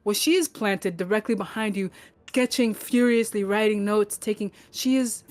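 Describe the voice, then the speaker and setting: A young woman narrating as game master, casual and halting with many fillers. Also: medium pitch.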